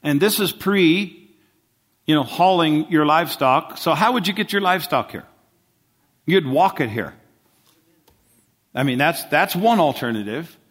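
A man's voice: a little high, animated, unhurried, pauses often, fairly bright tone. A man preaching a sermon in a conversational way, often asking the congregation questions. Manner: conversational, asks the congregation questions, many restarts.

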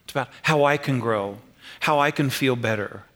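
A man preaching a sermon as pastor in a church, animated, swinging between loud and quiet, with frequent chuckles. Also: mid-range voice, moderate pace.

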